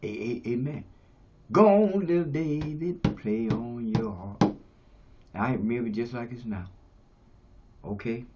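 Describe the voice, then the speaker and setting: A man in his seventies preaching a sermon as pastor, shifting between quiet talk and shouts. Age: 70s. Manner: preaching, swings from low to shouting. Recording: dull lo-fi radio sound.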